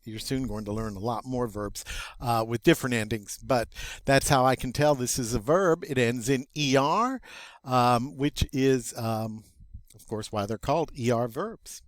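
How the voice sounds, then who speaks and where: A man teaching French vocabulary as a lesson, slow and playful with little jokes along the way. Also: mid-range voice, dry recording. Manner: slow, playful, jokey asides.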